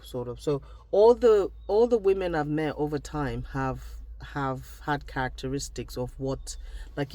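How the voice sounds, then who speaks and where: A man's voice: mid-range voice, mellow, slight background noise. A man from Nigeria, talking through personal reflections in a casual diary vlog, often trailing off and restarting his thoughts. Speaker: vlogger.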